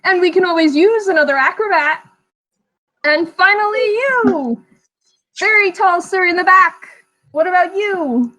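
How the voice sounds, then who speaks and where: A woman's voice: extremely high pitch, animated, a little slow, pushed and bright, pitched above the performer's own voice, exaggerated voice, poor audio. A woman voicing a small, cheerful male cartoon ringmaster who talks in theatrical showman patter. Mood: gushing.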